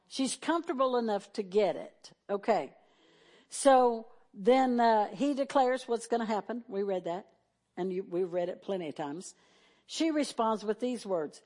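A woman's voice: a little high, a little mellow. A woman preaching a sermon in a conversational way, talking to the congregation directly, reading scripture aloud and drawing out key phrases for emphasis.

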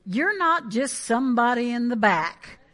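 A woman delivers a sermon with animated emphasis and chatty asides. Her voice sits high and sounds bright. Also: measured pace. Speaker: preacher.

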